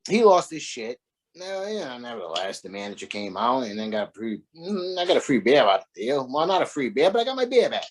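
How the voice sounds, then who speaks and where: A man's voice: mid-range voice, a little fast. A man spinning a rowdy anecdote, his voice leaping up and down as he gets worked up. He swears freely and laughs through the telling, in a loose, conversational interview. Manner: animated, profane, laughing storyteller. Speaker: guest, former wrestler. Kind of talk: casual storytelling interview.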